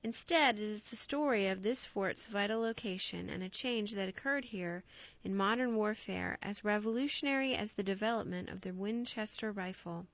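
A woman narrating ghost stories as an audiobook in a measured, expressive storytelling voice. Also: medium pitch, dry recording. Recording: dry, slightly dull recording.

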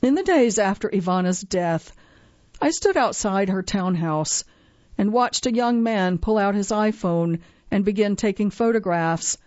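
A woman giving a scripted narration of a magazine article, reading in a measured way and slowing down for dramatic moments. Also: mid-range voice, darkish tone, no room sound. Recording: dry, slightly dull lo-fi sound.

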